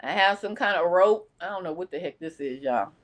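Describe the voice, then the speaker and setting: A woman's voice: lowish voice, lively intonation, brisk. A woman talking casually to her viewers as a vlogger, chatty and addressing them directly. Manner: chatty, talks straight to viewers as "y'all". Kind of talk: casual talk to camera.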